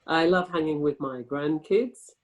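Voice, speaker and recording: A woman's voice: low-pitched, a little slow, a little mellow, highs cut off. A woman in her sixties, a guest speaking casually over a video call, frank and rambling, swearing freely. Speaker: interview guest.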